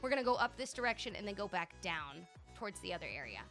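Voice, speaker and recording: A young woman streaming a video game live, chatting casually in a gushing, animated way, full of "like" and "dude". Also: mid-range voice, fairly quick, soft background music.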